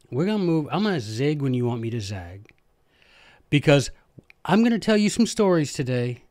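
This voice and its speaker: A man, hosting a podcast and telling history stories in a lively, joking, self-deprecating way. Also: fairly high pitch, no room sound, studio quality. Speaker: podcast host, former history teacher. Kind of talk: casual history storytelling monologue.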